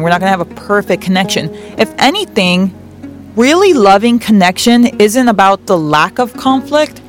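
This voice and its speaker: A woman hosting a tarot reading show, giving earnest, gentle spiritual advice and repeating words for emphasis. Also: medium pitch. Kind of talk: reflective spiritual advice talk.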